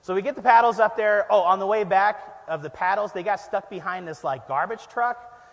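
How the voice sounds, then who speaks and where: High-voiced pastor telling a funny story. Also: male voice, fairly quick, in a large hall. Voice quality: animated, self-deprecating, laughs often. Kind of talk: storytelling sermon. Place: church.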